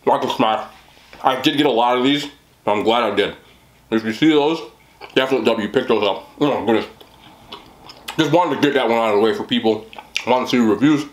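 Male mukbang host, eager and talkative, average pitch, roomy echo on the recording. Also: brisk, long pauses. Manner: enthusiastic, chatty, rambling. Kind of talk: casual food review.

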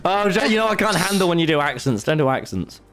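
A young man chatting while gaming, loud and teasing, swearing and breaking into silly song. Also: a little high, sing-song, fast, faint music behind. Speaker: streamer. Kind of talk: casual gaming chat.

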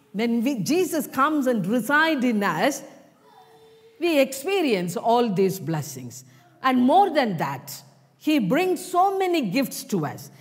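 A woman preaching a sermon in short, deliberate phrases full of rhetorical questions. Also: on the high side. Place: church. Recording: long reverb of a church hall.

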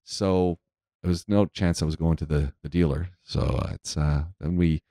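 A man's voice: extremely low pitch, fairly even intonation, moderate pace, warm tone, no room sound, clean studio sound. A man hosting a podcast, telling stories in a chatty way and laughing often. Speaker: podcast host. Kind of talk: casual chat.

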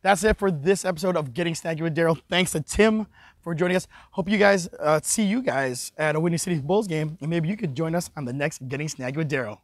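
A man hosts a casual snack review show, upbeat and chatty. His voice sits high. It sounds dry and close. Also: fast talker, dry recording. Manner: upbeat, chatty, talks with his mouth full. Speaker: host of a snack review series. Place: arena.

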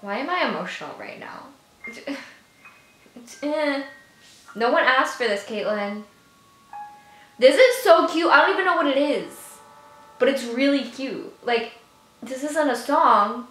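A woman's voice: sits high, lively intonation, a little slow, pauses often, bright, forceful tone. A woman reacting to a music video, gushing, giggling and talking to herself. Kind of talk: excitable reaction commentary. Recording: echoey room with music playing. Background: music video playing.

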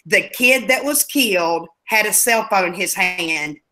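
A woman's voice: medium pitch, lively intonation, unhurried, pushed and bright. A woman co-hosting a casual chat show, blunt and emphatic, swearing freely. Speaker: podcast co-host.

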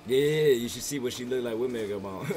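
A young man hosting a co-op gameplay stream, bantering loudly in slang and shouting directions to his partner. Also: medium pitch, brisk. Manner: loud slang-heavy banter, shouting instructions. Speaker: streamer host. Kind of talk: casual co-op gameplay chat. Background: game music.

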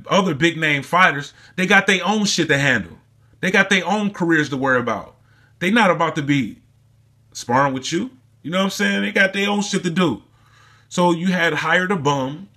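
Alone indoors, a sports commentary vlogger rants in a sharp, fairly high voice. His casual vlog commentary is heated, profane and mocking.

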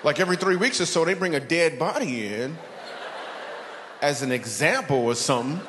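A man's voice: a little high, normal speed. Man doing stand-up in a reverberant hall. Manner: animated storytelling, acts out characters. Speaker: stand-up comedian. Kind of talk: stand-up comedy set. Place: church hall with a live audience. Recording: long hall reverb, audience noise.

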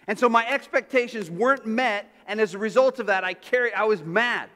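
A high-voiced male pastor preaches a sermon in a loose, conversational storytelling manner. He often restarts and drifts into asides. His voice carries with a long reverb through a church sanctuary. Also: a little fast, sharp tone.

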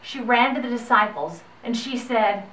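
A woman's voice: fairly high pitch, moderate pace, slight background noise. Woman telling a children's Bible story. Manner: gentle, expressive storytelling. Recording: echoey room, far from the mic.

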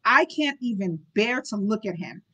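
A woman's voice: medium pitch, lively intonation, normal speed, pushed and bright, breathy edge, low-quality recording. A woman voicing a cruel aristocratic duke who roars with contempt at his son while reading a novel aloud. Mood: furious disgust. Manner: roaring, contemptuous.

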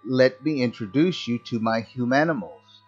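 A man's voice: medium pitch, moderate pace, natural voice. A man voicing a smug, mocking old mad-scientist doctor in a horror story reading, over a slightly dull recording with faint music. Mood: gleeful. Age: older.

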